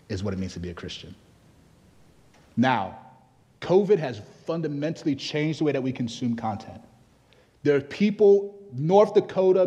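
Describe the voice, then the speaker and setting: A man's voice: medium pitch, a little mellow. A man from Nigeria preaching a sermon as pastor, conversational at times and rising into emphatic exhortation. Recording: long reverb of a large hall.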